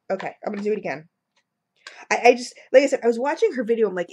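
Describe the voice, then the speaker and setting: A woman's voice: a little high, expressive, very fast, darkish tone, husky. Gushing woman with a cold. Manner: gushing, rambling, many fillers. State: has a cold. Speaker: vlogger reviewing wax melts. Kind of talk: casual excited product review. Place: at home at a computer. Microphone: computer mic.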